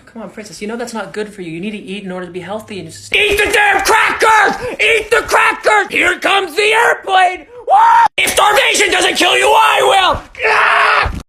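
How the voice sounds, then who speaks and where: A woman's voice: medium pitch, fast, sharp tone, natural voice. Woman as a doting, volatile male partner, sweet coaxing with shrieking outbursts. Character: doting boyfriend who snaps into shrieking rage, male.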